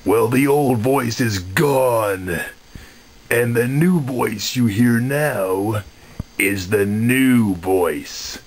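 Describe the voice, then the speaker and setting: Guy doing a mean smug puppet frog, real slow, chuckling to himself. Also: mid-range voice, a little hiss or hum. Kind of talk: puppet comedy video.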